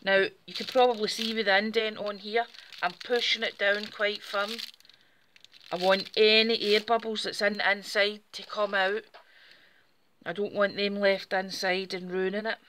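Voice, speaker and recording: A woman's voice: medium pitch, little pitch movement, normal speed, fairly bright tone, a little hiss or hum. A woman, hosting a casual craft tutorial and chatting step by step in a friendly way. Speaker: craft channel host.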